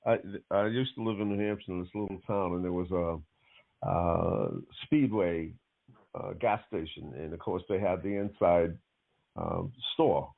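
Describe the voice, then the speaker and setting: A male podcast host, a bit congested from allergies, telling stories in a relaxed, rambling way full of fillers. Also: low-pitched, a little slow, gravelly. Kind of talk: casual chat. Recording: tinny phone-like line.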